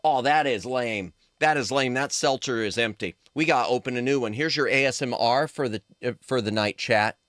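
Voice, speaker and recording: A man's voice: medium pitch, normal speed, hardly any pauses, fairly bright tone, no room sound, studio quality. A man chatting casually with his viewers while streaming, rambling and reacting to chat.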